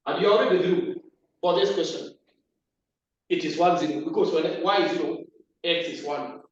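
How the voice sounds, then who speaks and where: A man's voice: on the high side, moderate pace. A man teaching a maths class at the board, repeating key terms and asking the class questions. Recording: echoey room, distant lo-fi mic.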